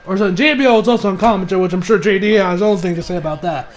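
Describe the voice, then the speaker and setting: A man giving a ranting wrestling review. He swears constantly and now and then breaks into shouted mocking impressions. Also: high voice, very fast, slight background noise.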